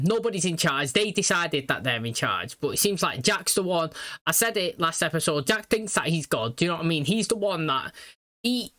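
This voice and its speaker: A man's voice: fairly high pitch, fairly bright tone. Chatty guy reacting to TV. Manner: rambling, chatty, repeats "you know what I mean". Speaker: reaction video host. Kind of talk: casual commentary.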